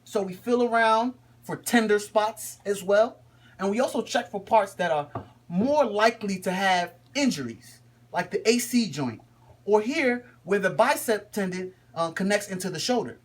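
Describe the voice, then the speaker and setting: A man's voice: sits high, animated, moderate pace. A young man playing a boastful shoulder-doctor dad. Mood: instructive. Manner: lecturing, with casual slangy asides. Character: boastful middle-aged father who is a shoulder doctor. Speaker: student performer in a school skit. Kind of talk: comedic skit with a medical lecture.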